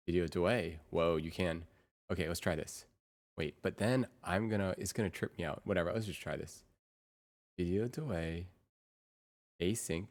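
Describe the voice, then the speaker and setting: A young adult woman livestreaming in casual chat, excitable and quick to repeat herself in bursts. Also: rumbling low.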